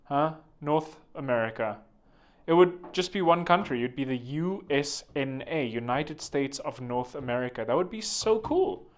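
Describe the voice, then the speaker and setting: A man's voice: medium pitch, animated, normal speed. A man hosting a vlog with rambling comedic commentary, joking and digressing, full of fillers. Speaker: vlog host.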